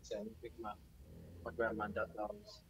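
A man's voice: lowish voice, monotone, normal speed, reverberant, slight background noise, rough recording. A man goofing around on a casual livestream, joking crudely, laughing, and rapping off the cuff. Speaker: livestream host.

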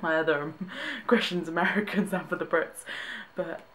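A woman's voice: lowish voice, moderate pace, fairly bright tone. A young woman from Britain reacting to tweets in a casual vlog, amused, laughing often and restarting her sentences. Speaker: vlogger.

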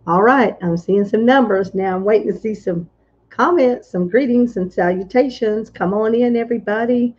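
A woman's voice: mid-range voice, unhurried, darkish tone, slight background noise. A woman minister on a casual livestream, chatting and greeting viewers one by one with frequent hallelujahs, from a hotel room. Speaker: prophetess and minister. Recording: dull lo-fi livestream audio.

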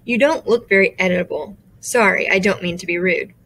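A woman's voice: mid-range voice, normal speed, a bit bright. A woman voicing a jittery, easily distracted male creature guardian who rambles sheepishly in a storybook reading. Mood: rambling.

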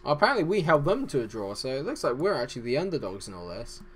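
A man's voice: mid-range voice, sing-song, fast, fairly bright tone, slight background noise. A man hosting a gaming channel, giving rambling, self-deprecating let's-play commentary.

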